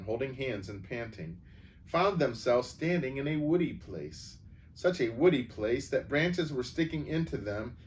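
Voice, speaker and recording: Man reading aloud, calm storyteller, far from mic, faint hiss. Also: mid-range voice. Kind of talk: reading a children's novel aloud. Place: church setting. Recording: distant mic, faint background noise.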